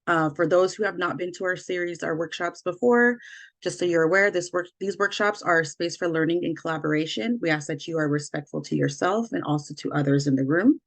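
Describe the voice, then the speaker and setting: A woman hosting an online workshop as community engagement manager, opening it and covering housekeeping with careful, slightly halting delivery. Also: fairly low pitch, creaky. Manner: careful, slightly halting reading with small self-corrections. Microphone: video call.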